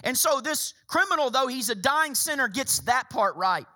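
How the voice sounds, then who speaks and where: Bright-voiced emphatic male pastor preaching. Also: very high voice, lively intonation, normal speed. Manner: emphatic preaching with repeated phrases and direct address to the church. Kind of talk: sermon. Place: church sanctuary.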